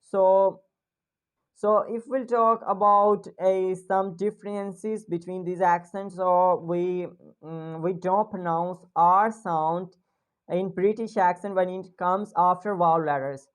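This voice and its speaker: A young woman from Pakistan giving an online English lesson, explaining slowly and repeating example words. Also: fairly low pitch, steady tone, clear, resonant tone. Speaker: English accent teacher.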